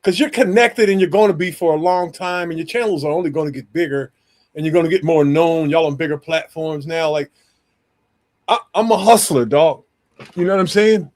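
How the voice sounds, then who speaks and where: A man's voice: fairly high pitch, a little fast, darkish tone. A man talking as a guest on a stream in a slangy, hyped-up, rambling way. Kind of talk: casual stream chat.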